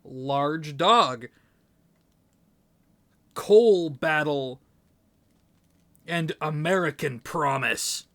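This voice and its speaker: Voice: mid-range voice, very slow, long pauses, a bit bright. A podcast co-host running a guessing game, teasing the other host and laughing often. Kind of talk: casual comedy podcast chat.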